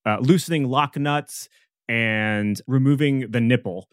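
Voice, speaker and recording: A man narrating a tabletop game as guest game master, in a dry, deadpan way. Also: medium pitch, unhurried, smooth, no echo.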